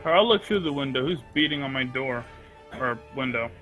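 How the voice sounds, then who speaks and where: A man's voice: medium pitch, expressive, moderate pace, a bit bright, faint music behind. A man playing in a tabletop game, talking in a blunt, wry, casual way. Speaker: player.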